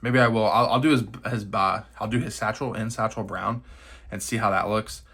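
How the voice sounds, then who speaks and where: Young guy rambling casually at his hobby desk, lowish voice, bright edge, jokes at himself. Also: fairly even intonation, fairly quick, vocal fry, breathy edge. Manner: chatty, self-deprecating, thinking aloud. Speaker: miniature painting hobbyist. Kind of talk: casual narration over a painting session.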